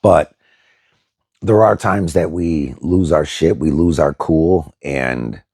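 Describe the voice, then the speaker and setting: A man's voice: a bass voice, slow, a little mellow, breathy edge, no echo, studio quality. A middle-aged man telling a story casually to his viewers, blunt and profane, with many fillers. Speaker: vlogger.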